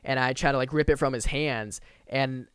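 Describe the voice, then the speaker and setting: A young man telling a story in a casual, animated vlog style. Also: mid-range voice, normal speed, clear, resonant tone, no room sound, clean studio sound. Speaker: YouTuber.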